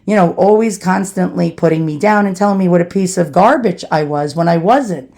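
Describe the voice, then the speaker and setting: A woman's voice: fairly low pitch, fairly quick, mellow. New woman rambling through a storytime vlog, chatty, does the voices of people she quotes. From New York City. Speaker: storyteller vlogger. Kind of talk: casual spoken storytime.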